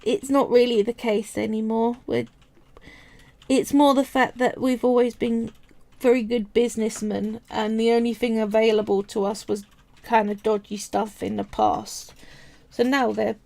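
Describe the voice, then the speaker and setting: A woman's voice: on the high side, little pitch movement, measured pace, gravelly, dark tone. A woman with a Cockney accent from East London, chatting casually during a live stream as she sculpts and wanders off on tangents while answering viewers. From England. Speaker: polymer clay artist streaming live.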